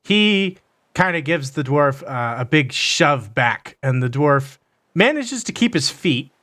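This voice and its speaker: Slow, halting game master man. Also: a little high, very animated, bright, forceful tone. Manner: halting, full of fillers and restarts. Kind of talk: narrating a tabletop game.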